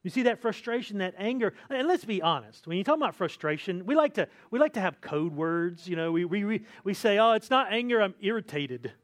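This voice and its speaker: A man with a high voice preaches a sermon from the pulpit. His talk is conversational, and he keeps checking in with his listeners by asking "right?" as he goes. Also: sing-song, brisk, hardly any pauses. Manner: acts out complaining voices with sighs. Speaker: pastor.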